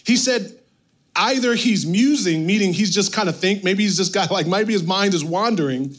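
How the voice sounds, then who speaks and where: A male pastor preaching a sermon, reading scripture and retelling it with animated, playful asides. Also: high voice, normal speed.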